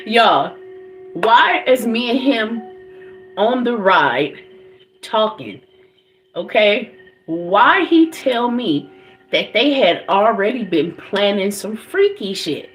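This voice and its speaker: High, lively woman telling a wild story. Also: slow, roomy sound, slight background noise. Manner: animated, profane, breaks into loud laughter, keeps addressing listeners. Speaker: livestreamer and tarot reader. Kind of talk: casual storytelling to a live audience.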